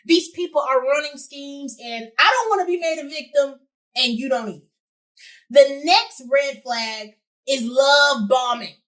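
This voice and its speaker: Sassy high-voiced young woman host. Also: unhurried, recorded from a distance. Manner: sassy, animated, addresses listeners directly. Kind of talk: casual advice talk to camera.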